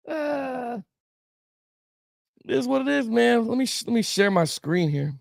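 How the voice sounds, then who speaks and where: A man's voice: extremely high pitch, very animated, slow, gravelly, no echo, clean studio sound. A man hosting a casual sports talk show, rambling and reacting to viewer comments with chuckles, peppering his talk with "man" and "bro".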